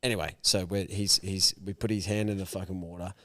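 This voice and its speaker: A man's voice: low-pitched, fairly quick, dry recording, studio quality. Australian man telling a story with energy. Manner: animated storyteller, swearing freely. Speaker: podcast co-host. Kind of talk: casual chat.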